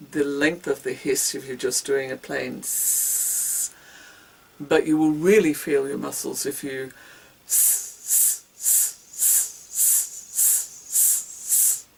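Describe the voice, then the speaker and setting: A woman's voice: low voice, gravelly, darkish tone, breathy edge, far from the mic, rough recording. A woman giving a casual singing lesson, demonstrating breathing exercises with whoops, grunts and hisses. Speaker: singing teacher.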